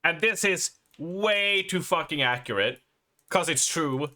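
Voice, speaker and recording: A man's voice: a little high, expressive, a little slow, sharp tone. A young adult Swedish man with a Swedish accent, casually chatting and laughing as he reacts on a live game stream, often stumbling over words. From Sweden.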